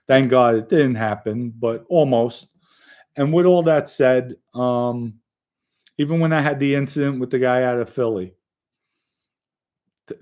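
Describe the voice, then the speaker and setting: A man's voice: mid-range voice, darkish tone. A man on a podcast telling casual, blunt stories full of profanity, emphatic and speaking straight to young listeners. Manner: direct address to young listeners. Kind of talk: casual storytelling.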